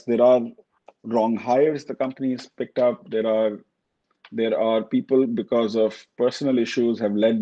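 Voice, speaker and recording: A man from Pakistan, a company chief, answering interview questions in a measured corporate way, often restarting his words. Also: lowish voice, warm tone, husky, dull audio. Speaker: CEO guest.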